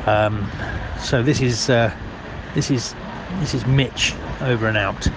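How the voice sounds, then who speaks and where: A nervous, hesitant man leaves a rambling phone message, talking very slowly and tripping over ums and restarts. Heavy street and traffic noise sits behind him in this comedy sketch. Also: mid-range voice. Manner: halting, full of ums and restarts.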